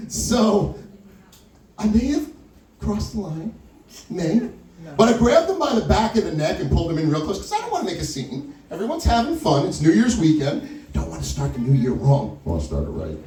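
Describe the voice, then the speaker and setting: A man performing stand-up, telling a story in an animated way and acting out the other people's lines. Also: on the high side, moderate pace. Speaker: stand-up comedian. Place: small wine lounge stage. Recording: echoey room with mic far off, crowd audible. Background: audience laughter and crowd chatter.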